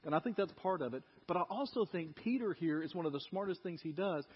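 High-voiced, husky pastor preaching. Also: male voice, quick pace. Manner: animated storytelling, acts out people's voices. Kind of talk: sermon. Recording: echoey hall, dull lo-fi sound.

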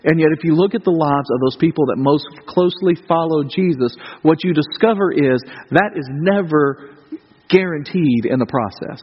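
American male pastor, sermon, conversational with rhetorical questions; high voice, dull muffled sound. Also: normal speed, breathy edge, big-room sound. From United States. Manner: conversational, rhetorical questions, swings from loud to hushed.

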